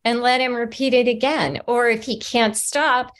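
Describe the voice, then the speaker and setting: A woman's voice: a little high, moderate pace, few pauses. A middle-aged woman, an author being interviewed on a video call, talking earnestly in a conversational way. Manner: earnest and animated, acts out examples.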